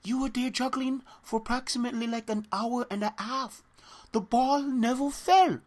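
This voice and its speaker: A man imitating an eager young man with a foreign accent, in a high, excited voice that slows down at the ends of lines. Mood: amazed.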